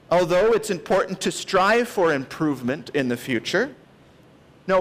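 A pastor in his late thirties delivers a sermon with an earnest, emphatic push. His voice sits a little high for a man, and he leans hard into the words he wants to land. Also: a bit bright. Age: 30s. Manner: earnest, emphatic, with rising stress on key words.

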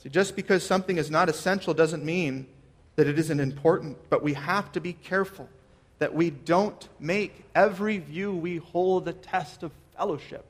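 A pastor preaching a sermon to his church, earnest and measured, asking his listeners questions. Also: fairly high pitch.

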